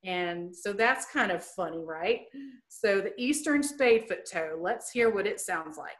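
A woman's voice: mid-range voice, expressive, unhurried, a bit bright. A woman educator giving an online presentation, explaining things plainly and chattily with playful asides.

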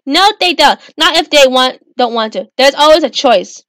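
A woman reading a calm, earnest teen girl. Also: high voice, moderate pace, no room sound, studio quality.

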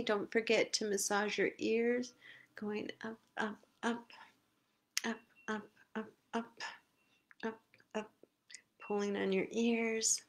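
A woman leading a live guided face massage session, giving slow, soothing step-by-step cues. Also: fairly high pitch, level tone. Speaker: self-care instructor.

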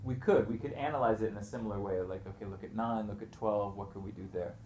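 Male rhythm teacher, lowish voice, patient step-by-step explainer who counts and chants beats aloud; noisy room recording. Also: fairly even intonation, quick pace, darkish tone. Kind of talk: one-on-one music lesson.

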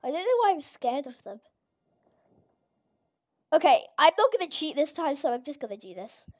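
A woman host giving casual gameplay commentary, excitable and exclaiming at each surprise. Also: high-pitched, normal speed. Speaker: gaming channel host.

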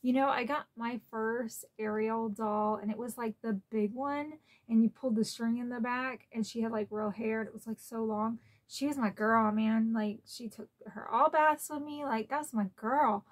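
Chatty emotional woman vlogger, slightly high. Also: steady tone, normal speed, few pauses. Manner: chatty and emotional, tearful at times. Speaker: collector channel host. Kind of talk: casual unboxing vlog. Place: at home.

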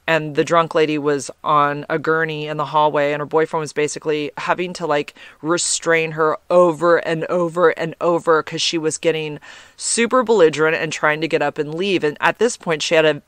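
Man, podcast host, casual rambling story, fairly high voice, smooth and clear, dry close sound. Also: fairly even intonation, moderate pace, fairly bright tone, dry recording. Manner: chatty, rambling, peppered with "like" and frank swearing.

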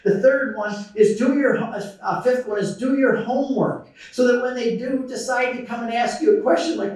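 A man's voice: extremely high pitch, moderate pace, few pauses. A middle-aged man giving a conference talk and taking audience questions, telling stories and acting out quotes with animation. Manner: lively storytelling, acting out quotes. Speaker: conference speaker. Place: large conference hall. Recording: echoey hall from far off.

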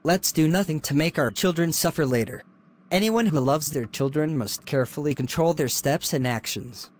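A man's voice: fairly high pitch, moderate pace, lightly acted. A man voicing a stern lecturing father. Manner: solemn, lecturing. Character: stern moralizing father, preacher-like.

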